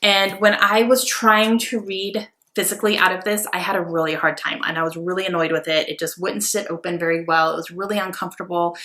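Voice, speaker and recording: Young woman, book vlogger, excitable casual chat, bright tone, lowish voice. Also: fairly quick, few pauses. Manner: chatty, excitable, many fillers.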